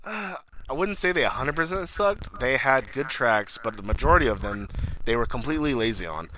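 A man co-hosting a casual podcast, swearing constantly and talking in a loose, excitable way. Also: mid-range voice, brisk, slight background noise, low-quality recording. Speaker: podcast co-host. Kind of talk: casual profane podcast chat.

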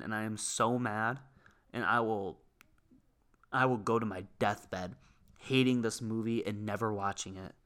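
A man's voice: mid-range voice, a bit bright. A young man hosting a podcast and delivering a solo rant with over-the-top comic outrage. He rambles, piling up fillers and restarts as he goes. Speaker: podcast host.

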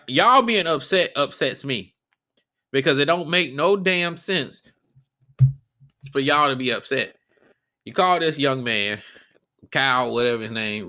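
A man's voice: mid-range voice, sharp tone. A man hosting a solo podcast, ranting off the cuff in a blunt, profane and rambling way, often stopping to restart his sentences. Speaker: podcast host. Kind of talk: unscripted solo podcast rant.

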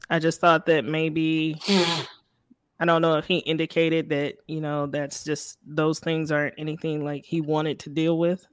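A woman's voice: sits low, smooth, dry recording, studio quality. A woman co-hosting a casual podcast, hesitant and full of "you know" and "um". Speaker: podcast co-host.

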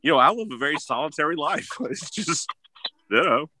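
A man's voice: on the high side, sing-song, fairly quick, bright, forceful tone, dry recording. A young man in a casual family chat, joking and laughing. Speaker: family member on show.

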